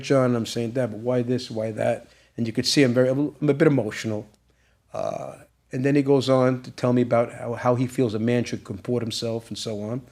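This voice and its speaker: A man's voice: mid-range voice, darkish tone. Intense man retelling a story. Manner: retells events with acted-out quoted dialogue, growing intense and emphatic. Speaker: interview guest. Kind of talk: emotional storytelling in a podcast interview.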